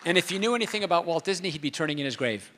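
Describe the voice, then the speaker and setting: A man giving a storytelling talk on stage, animated and comic, acting out the voices in his stories. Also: a little high, rapid-fire, a crowd in the background, noisy background. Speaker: speaker at a convention. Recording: long hall reverb.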